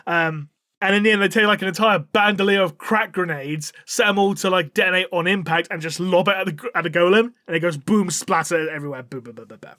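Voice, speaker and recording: A man's voice: high-pitched, a little fast, pushed and bright, no echo, studio quality. A man, co-hosting a podcast, recapping a story in a rambling, casual way with plenty of swearing. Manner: rambling, swears, acts out characters' lines. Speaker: podcast co-host.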